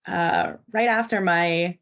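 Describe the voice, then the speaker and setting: A woman's voice: on the low side, slow pace, fairly bright tone, highs cut off. A woman co-hosting a podcast, telling a personal story earnestly and often asking "right?". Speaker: podcast co-host. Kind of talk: reflective podcast conversation.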